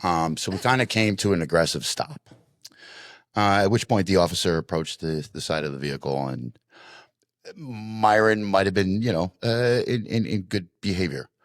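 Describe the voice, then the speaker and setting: Man, deep, animated storyteller, dry studio sound. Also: moderate pace, dry recording. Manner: animated storyteller, acts out voices, many restarts. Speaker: podcast co-host. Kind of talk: casual storytelling.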